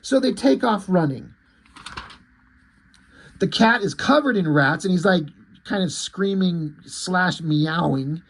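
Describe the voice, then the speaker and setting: Casual comic recap, profane rambling man, breathy voice. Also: high-pitched, expressive, slow pace, pauses often. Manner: profane, rambling, frequent fillers. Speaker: comic book reviewer.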